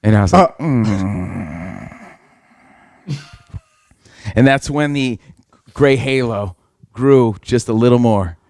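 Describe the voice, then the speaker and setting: A man's voice: mid-range voice, slow, creaky, pauses often, dry recording. A man co-hosting a radio show, telling a story in casual chat, acting out voices and swearing freely. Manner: animated, acts out quotes, swears a lot.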